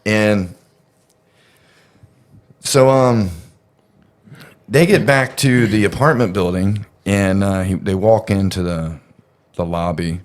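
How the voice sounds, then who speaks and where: A man's voice: on the low side, slow pace, pauses often. A man casually telling a story on a podcast, rambling and profane, with lots of fillers.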